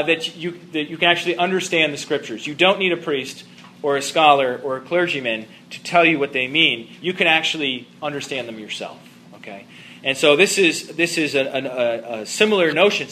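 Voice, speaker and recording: A man's voice: fairly high pitch, pushed and bright, slight background noise. A man giving an informal lecture to a room of listeners, talking in a loose conversational way and often checking that they follow. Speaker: teacher.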